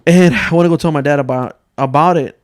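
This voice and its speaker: A man's voice: on the high side, fast talker, no echo, studio quality. A man in his thirties hosting a casual podcast chat, joking and telling family stories, swearing freely. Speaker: podcast host.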